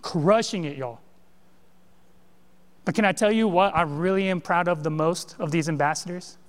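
A man preaches in a lively, conversational way, speaking directly to his listeners. His voice sits high for a man. The sound rings out with a long reverb from a church sanctuary. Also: normal speed. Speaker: pastor. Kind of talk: sermon.

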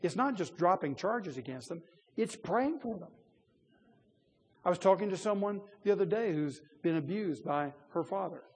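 A man preaching a sermon in an earnest way, building to emphatic appeals and then dropping quiet. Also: high voice, expressive, normal speed, slightly rough.

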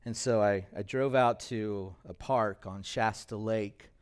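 A middle-aged male pastor telling a personal story in a sermon, emotional and halting at times. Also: on the low side, smooth. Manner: emotional, personal testimony with pauses.

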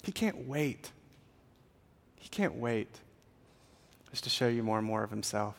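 A man gives an earnest, conversational sermon as a pastor, with frequent "uh"s and restarts. His voice sits at a middle pitch. A long reverb rings through the church hall. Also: lively intonation, unhurried, creaky.

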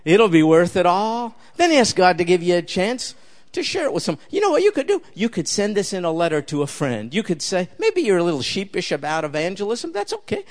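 A man's voice: high voice, very animated, fairly quick. An older man preaching a sermon, emphatic and conversational, often turning to the listeners with direct questions.

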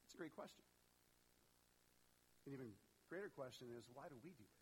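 A man preaching a sermon in an animated, conversational way, talking straight to his congregation. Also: mid-range voice, fairly quick, a little hiss or hum, poor audio. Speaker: pastor.

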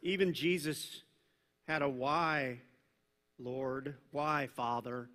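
A male pastor preaching a sermon in a conversational, animated way, with casual asides to the congregation. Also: medium pitch, takes it slowly. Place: church sanctuary. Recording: reverberant church hall.

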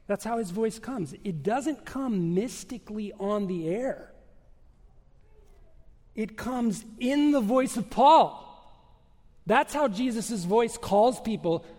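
A male pastor preaching a sermon with emphatic, measured delivery, rhetorical questions and dramatic pauses. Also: sits high, lively intonation, warm tone, in a large hall.

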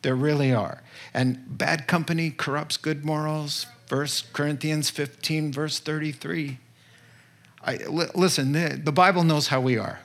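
Conversational pastor preaching. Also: male voice, fairly high pitch, fairly even intonation, a little slow, fairly bright tone. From northeastern United States. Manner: conversational, candid, checks in with listeners often. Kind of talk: sermon.

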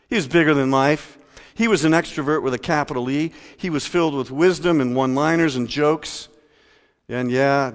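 A male pastor preaching a sermon, talking conversationally and swinging between loud emphasis and quiet asides. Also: mid-range voice. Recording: long hall reverb.

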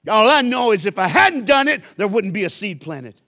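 A man giving a storytelling sermon as a guest youth speaker in a church, animated and conversational, with sudden emphatic bursts. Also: sits high, moderate pace.

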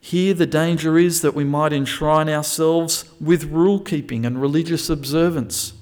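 A man's voice: on the high side, steady tone, moderate pace, a little mellow. A man preaching a sermon, reading scripture aloud and explaining it with frequent restarts and self-corrections. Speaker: pastor.

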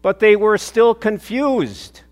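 An older man preaching in a church, his voice a touch higher than most men's. He tells stories earnestly, swelling with emphasis and then falling quiet on key phrases. A long reverb trails each line through the hall. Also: lively intonation, takes it slowly. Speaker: pastor. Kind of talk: sermon.

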